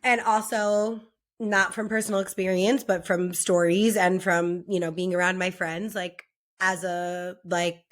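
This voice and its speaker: Animated woman co-hosting a chatty podcast. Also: lowish voice. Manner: animated gossiping, laughing often. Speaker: podcast co-host. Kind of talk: casual chat.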